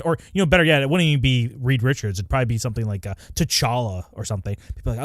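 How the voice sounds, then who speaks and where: A young man in a mid-range voice talks in a relaxed, rambling way, full of fillers. The sound is dry and close. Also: medium pitch, very fast, few pauses, no echo. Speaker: podcast co-host. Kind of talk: casual comic book discussion.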